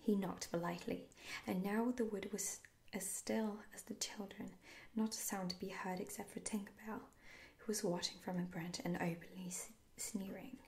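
A woman tells a fairy tale in a hushed, unhurried whisper. It is a whispered role-play, soothing and soft-spoken, with a slight gravelly texture under the breath. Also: medium pitch, steady tone. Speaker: storyteller.

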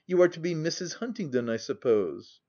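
A man reading an audiobook, voicing a spiteful, envious young society woman in a high, arch, needling voice. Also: very animated, normal speed, dark tone, dull audio.

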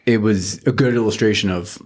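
A man's voice: on the low side, brisk, a little mellow, husky. A man hosting a faith podcast, talking casually and rambling with lots of fillers and restarts. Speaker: podcast host.

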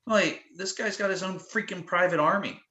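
A man telling wild stories in a casual podcast interview, animated and full of "like" fillers. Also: sits high, moderate pace. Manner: animated, lots of "like" fillers, acts out quotes. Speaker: guest telling tour stories. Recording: roomy echo.

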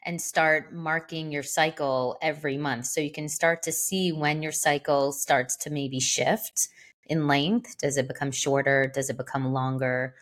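A woman's voice: low voice, little pitch movement, measured pace. A woman co-hosting a podcast in casual chat, rambling along with lots of "like" and "you know.". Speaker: podcast co-host.

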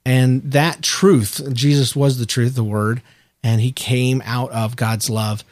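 A man's voice: medium pitch, fairly even intonation, takes it slowly, darkish tone, no room sound. Give me an earnest, reflective man co-hosting a podcast, with a dry, close sound. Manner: earnest, reflective, talks about faith. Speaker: podcast co-host. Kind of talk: casual chat.

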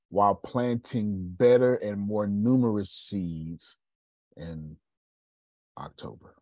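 A man's voice: lowish voice, slow pace, darkish tone, dry recording, clean studio sound. A man from Texas leading a group call, telling stories and preaching motivation with strong emphasis. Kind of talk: motivational talk.

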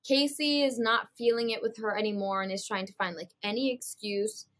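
A woman's voice: on the high side, a little fast, a bit bright. Woman podcast co-host, casual and chatty, fillers everywhere, acts out quotes as she recaps. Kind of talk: casual reality-TV recap chat.

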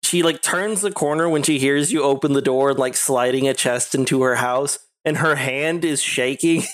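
A man's voice: mid-range voice, moderate pace, a bit bright. A man narrating a tabletop game as game master, rambling with lots of "like" and frequent giggles. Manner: giggly, rambling with many likes.

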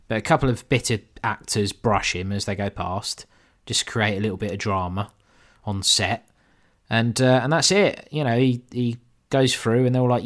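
A man co-hosting a podcast, reviewing a film in casual chat, laid-back and swearing, mimicking characters as a joke. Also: lowish voice. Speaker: podcast co-host.

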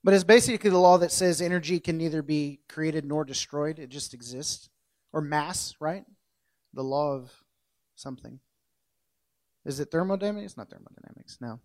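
A man's voice: fairly high pitch, normal speed. A man preaching a casual, conversational sermon, joking at his own slips and correcting himself as he goes. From central United States. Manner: jokey, self-correcting, loosely conversational.

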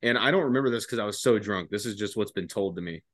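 A man's voice: fairly low pitch, quick pace, a bit bright, dry recording, poor audio. Profane young man telling a story, dry sound. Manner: profane, laughing, acts out quoted voices. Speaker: podcast guest. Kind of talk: casual storytelling.

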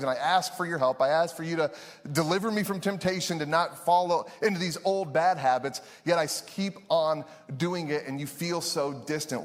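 A male pastor giving a conversational, animated sermon in a church, laughing often. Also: on the high side. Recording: reverberant church hall.

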